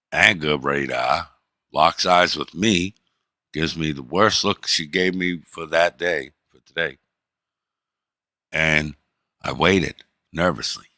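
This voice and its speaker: A middle-aged man streaming, telling a story in a profane, animated way and acting out the people in it. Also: a bass voice, dry recording, clean studio sound. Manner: profane, animated, acts out the people in his stories. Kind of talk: casual storytelling.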